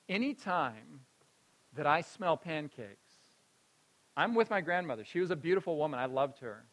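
Man, personal storytelling, high voice, bright and forceful, animated, laughs often, moves between loud and hushed. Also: rough recording.

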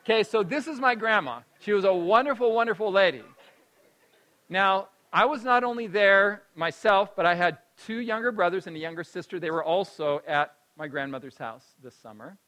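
Man, personal storytelling, high voice, bright and forceful, animated, laughs often, moves between loud and hushed. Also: normal speed, rough recording.

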